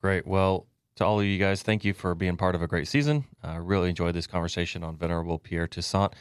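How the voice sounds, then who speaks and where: A man hosting a podcast discussion, relaxed and affirming as he wraps up. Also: low voice, quick pace, clean tone, dry recording, clean studio sound. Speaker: podcast host. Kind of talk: casual discussion.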